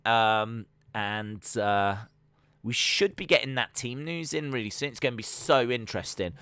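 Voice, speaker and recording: A man hosting a casual live-stream watch-along, chatting and answering viewer comments, with sudden excited bursts that trail off quietly. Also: medium pitch, moderate pace, smooth, no echo.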